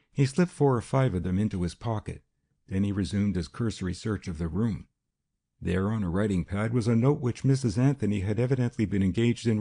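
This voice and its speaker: A man narrating a detective novel as an audiobook in a measured, even reading style. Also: on the low side, husky. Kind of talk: scripted narration.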